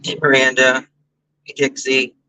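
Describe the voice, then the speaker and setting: A man runs a casual livestream, telling stories and thanking his viewers by name. His voice is bright and forward, and he speaks slowly. The sound is dry and close, with no room echo. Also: mid-range voice, monotone, clean tone. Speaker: livestream host.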